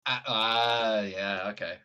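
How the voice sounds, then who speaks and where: A man's voice: lowish voice, steady tone, slow, bright, forceful tone, clean tone. A man playing in a tabletop game, chatting casually, laughing easily and answering with short agreements. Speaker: player.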